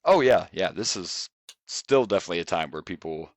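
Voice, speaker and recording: A man co-hosting a podcast that reviews wrestling, talking in a relaxed, rambling way with frequent chuckles. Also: low voice, a little fast, gravelly, dry recording. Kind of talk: casual chat.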